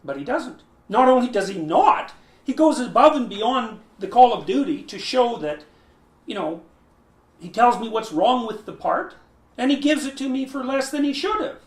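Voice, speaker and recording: A man's voice: very high voice, sing-song, moderate pace. A man lecturing who often restarts his phrases, thinks aloud and stresses key words. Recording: roomy echo.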